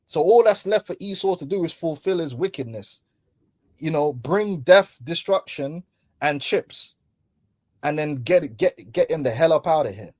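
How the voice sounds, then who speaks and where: A man preaching in loose street slang, mocking his listeners and laughing between points. His voice sits a little high, and the sound is close and dry with no room. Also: animated, moderate pace, darkish tone, no room sound. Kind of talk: casual religious commentary. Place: London.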